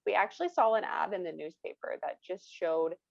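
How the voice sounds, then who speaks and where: A woman's voice: fairly low pitch, fairly quick, gravelly, no room sound, muffled recording. A young woman from rural Ohio, a guest author, talking earnestly and with enthusiasm in an interview. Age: young adult. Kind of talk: interview conversation.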